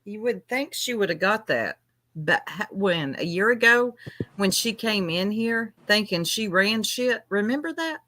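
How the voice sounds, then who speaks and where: Woman, casual streamer, bright sharp tone, mocking, laughs a lot. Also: medium pitch, animated, measured pace. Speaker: co-host. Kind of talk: casual live-stream commentary.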